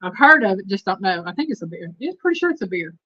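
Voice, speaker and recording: A woman's voice: medium pitch, very animated, fast talker, pushed and bright, no echo, dull audio. A woman with a Southern Texas accent hosting a live stream, chatting casually and reading trivia questions aloud to her viewers. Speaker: host.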